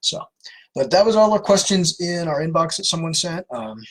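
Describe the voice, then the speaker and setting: A woman's voice: lowish voice, moderate pace, slight background noise, poor audio. A woman hosting a live question-and-answer session, answering viewer questions in an earnest, plain-spoken way. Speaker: host of a scam-awareness Q&A.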